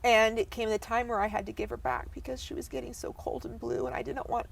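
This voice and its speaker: A young adult woman, a podcast guest, telling a painful personal story in a halting way, often breaking off and dropping her voice low. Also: flat delivery, creaky. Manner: halting, breaks off and restarts, voice drops to near whisper at times.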